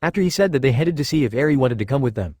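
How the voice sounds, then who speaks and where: A man narrating a fan fiction story in a flat, hurried reading voice. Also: medium pitch, breathy edge, no room sound, clean studio sound.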